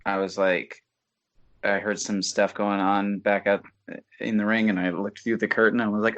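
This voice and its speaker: A man who works as a wrestling referee, guesting on a casual podcast and giving brief, low-key replies. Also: level tone, moderate pace, fairly bright tone, muffled recording. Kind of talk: casual chat.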